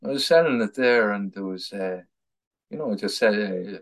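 A man's voice: fairly low pitch, moderate pace. An Irish man in his thirties, a political activist guest telling stories in casual conversation, often repeating words and laughing at his own anecdotes. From Ireland.

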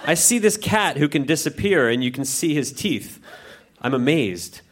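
Guy reading a funny story out loud, bouncy and playful. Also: on the high side, normal speed, a little hiss or hum. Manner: animated, playful. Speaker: reader.

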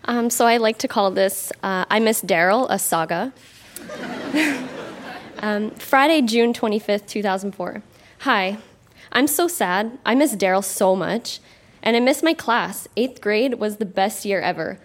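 A woman's voice: medium pitch, unhurried, slight background noise. A young woman from Canada reading her childhood diary aloud on a live theatre stage, often laughing as she reads. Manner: amused, breaks into laughter often. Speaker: guest reader.

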